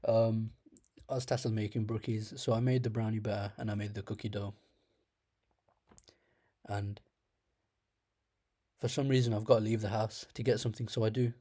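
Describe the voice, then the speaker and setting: Young guy w a slight lisp, mellow easygoing voice, rambling thru a funny story. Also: fairly low pitch, level tone, normal speed, pauses often. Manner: rambling, laughs at his own stories. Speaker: storyteller host. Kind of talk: casual comedic storytelling.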